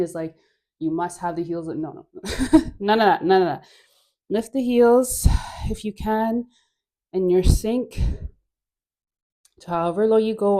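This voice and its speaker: Woman dance teacher, slow unhurried cues, warm mellow tone, playful and coaxing, sighing breaths. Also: fairly low pitch. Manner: coaxing, playful, laughs often, breathy sighs between cues. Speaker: dance instructor. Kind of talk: guided dance class.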